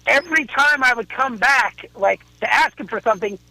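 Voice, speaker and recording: Caller: middle-aged man, high gravelly voice, dry close sound, swearing rants. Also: normal speed, pushed and bright, no echo, poor audio. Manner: profane, ranting storyteller. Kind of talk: casual chat. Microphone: phone call.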